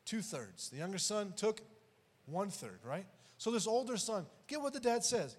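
Preacher guy with a high voice, goes loud then real quiet, acts out the lines, long hall echo. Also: big pitch swings, moderate pace. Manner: dramatic swings between loud and hushed; acts out dialogue from scripture. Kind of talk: sermon.

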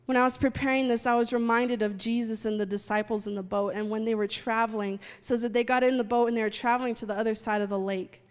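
A woman's voice: fairly high pitch, level tone, fast talker, hardly any pauses, smooth. A woman preaching a sermon and leading prayer in a church, speaking with fervent conviction. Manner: fervent, rising to loud praying. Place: church sanctuary. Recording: long hall reverb, faint music.

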